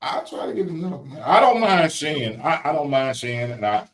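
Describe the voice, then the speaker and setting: A man's voice: on the high side, big pitch swings, fairly quick, fairly bright tone, roomy sound. A man with a Louisiana country accent in casual chat, playful and emphatic, repeating his points.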